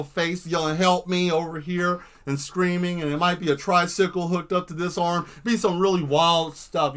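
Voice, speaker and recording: Male live-stream artist, slightly high voice, rambling and animated, casual chat while drawing. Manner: rambling, animated storytelling that jumps into silly voices. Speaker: livestream artist.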